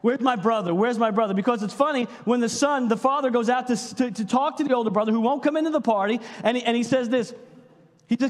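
Pastor, male; high-pitched, lively sermon delivery with long church reverb. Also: brisk. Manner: animated preaching, acts out quotes, jokes with congregation. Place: church hall.

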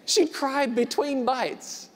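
A man in his thirties preaching a sermon, repeating phrases for emphasis and swinging from quiet to loud. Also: very high-pitched, slow pace, a little hiss or hum. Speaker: pastor. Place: church hall. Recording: long reverb of a large hall.

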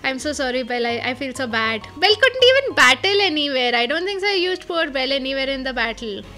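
A woman playing a video game and chatting casually over it, excitable and thinking aloud with lots of fillers. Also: high voice, brisk. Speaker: let's play gamer.

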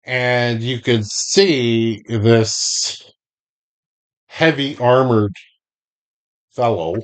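Slow, deliberate man as the game master of a tabletop game. He has a middle-pitched voice and stops mid-scene to look up stats. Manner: unhurried, describes scenes with pauses to check notes.

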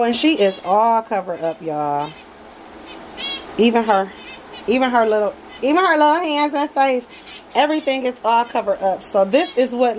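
Woman vlogger talking to viewers in her home nursery, warmly gushing; mid-range voice, faint hum behind. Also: mid-range voice. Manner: gushing, affectionate, addresses viewers as y'all. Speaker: reborn doll collector vlogger. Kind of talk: casual unboxing chat.

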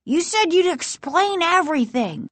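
A woman's voice: a little high, unhurried, no room sound, pitched above the performer's own voice, natural voice. A scared young boy speaks bluntly and insistently in a raised voice, as a woman reads him. The storybook sound is dry and close. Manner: insistent, accusing.

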